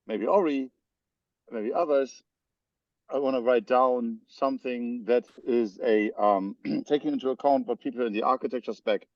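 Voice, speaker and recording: A man's voice: medium pitch, no room sound. A man from Germany with a German accent, explaining technical spec details in a meeting, hesitant and full of fillers. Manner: hesitant, many fillers and restarts. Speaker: spec editor. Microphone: video call. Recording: dull lo-fi video call audio.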